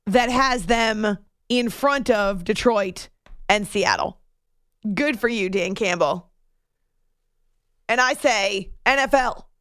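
A woman hosts a sports talk show with a somewhat high voice. She is chatty and playful, tossing off joking asides. The sound is dry and close. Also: a bit bright, dry recording.

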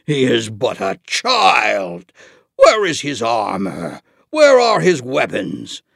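A scornful giant warrior bellows his taunts slowly and loudly, as a man puts him on for a storybook. He drawls each word with lively swings of pitch, close and dry on the mic. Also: creaky, dry recording, heavily acted. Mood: mocking. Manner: slow, loud, scornful taunting. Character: booming mocking male giant warrior.

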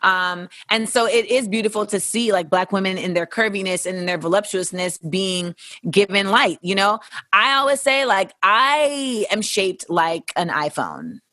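Fielding listener questions as host, this young woman is candid, laid-back, and profane, performing the voices of those she quotes. She speaks at a normal speed in an animated, medium-pitched voice with a sharp tone, captured at studio quality without any room sound.

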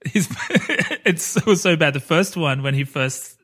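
A man's voice: fairly high pitch, unhurried, a bit bright. A man co-hosting a podcast, chatting casually about a film, rambling and laughing often. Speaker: podcast co-host.

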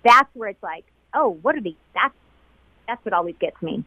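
A middle-aged woman, a flight attendant, recalling events in an emotional interview, heartfelt and quoting others in lively voices. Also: medium pitch, normal speed, no echo, narrow, tinny audio.

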